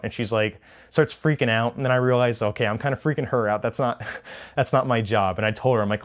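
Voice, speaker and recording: A man talks through his race in a loose, rambling way, tripping over his words and breaking into short laughs. His voice sits at an ordinary middle pitch, and the telling feels casual and unscripted, like a vlog recap. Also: lively intonation, brisk. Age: adult with children. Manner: rambling, self-correcting, laughs often. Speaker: trail runner recapping a race.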